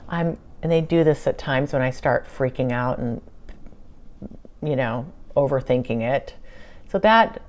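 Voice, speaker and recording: A woman with a notably low voice tells a personal story to her viewers, acting out both sides of a conversation. She talks casually and with animation, shifting between narration and quoted lines. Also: measured pace. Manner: animated retelling with quoted dialogue. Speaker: channeler and vlogger.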